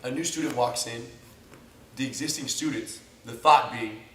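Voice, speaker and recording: Animated man in an echoey room. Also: mid-range voice, moderate pace, slight background noise. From United States. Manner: animated, jokey, acts out scenarios. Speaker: jiu-jitsu instructor, co-host. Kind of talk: casual instructional chat. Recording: echoey room, mic at a distance.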